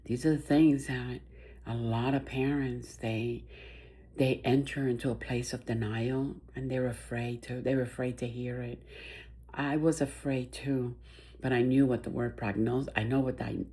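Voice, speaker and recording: An older mother tells a personal story of grief. Her voice is soft and emotional, and she often stops and restarts her sentences. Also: extremely low pitch, fairly even intonation, a little slow. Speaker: bereaved mother.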